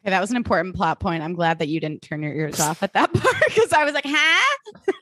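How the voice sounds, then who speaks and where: A woman's voice: lowish voice, big pitch swings, fast talker, no echo. Playful woman podcast co-host, dry sound. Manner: playful, jokey, acts out characters. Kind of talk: casual chat recapping a TV episode.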